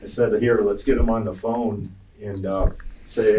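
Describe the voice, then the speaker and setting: A man's voice: fairly low pitch, fairly even intonation, unhurried, mellow. A man telling a long, profane, rambling story in a casual podcast chat, chuckling as he goes. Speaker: racing guest telling a story. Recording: distant mic with clear background noise.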